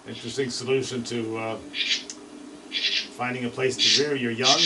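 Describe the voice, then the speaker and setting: A man's voice: medium pitch, level tone, normal speed, far from the mic, background noise. A man giving a casual, enthusiastic talk on songbirds, sometimes imitating their calls. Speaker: birding presenter. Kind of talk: informal talk on birdsong.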